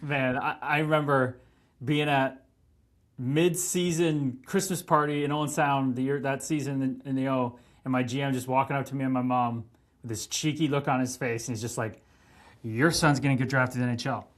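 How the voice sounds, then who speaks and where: A man in his thirties, a hockey player telling stories on a podcast, animated, swearing and laughing as he goes. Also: mid-range voice, moderate pace. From Canada. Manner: animated, profane, laughing storyteller. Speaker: guest, pro hockey player. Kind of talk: casual podcast storytelling.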